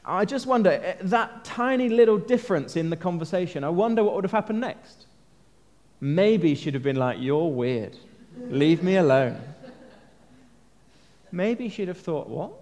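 A man's voice: sits high, lively intonation, moderate pace, a little mellow. A man gives a sermon in a slightly raised voice. He speaks in an earnest, conversational way and puts questions to the congregation. Long reverb from a large church hall trails behind his words. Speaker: preacher.

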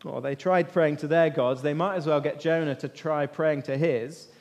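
A man teaching an interactive Bible lesson as an animated storyteller, asking his listeners questions. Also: fairly high pitch, moderate pace, lo-fi sound. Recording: long echo of a large hall.

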